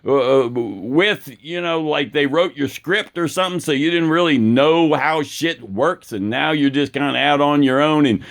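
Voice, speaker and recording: High-voiced man in a profane rant. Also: normal speed, gravelly, few pauses, a bit bright. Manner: profane, heated, stumbling restarts. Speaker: political commentator. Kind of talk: angry political rant.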